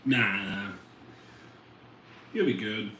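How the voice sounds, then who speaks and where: A man's voice: lowish voice, very slow. A man chatting casually with viewers on a home live stream, rambling in an easygoing way and reacting to the chat. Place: home room with equipment. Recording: roomy, distant mic, faint ambient noise.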